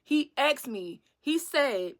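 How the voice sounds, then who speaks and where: A woman vlogger telling a storytime about a bad date, blunt, slangy and profane, with animated retelling. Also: sits high, slow. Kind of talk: storytime narration.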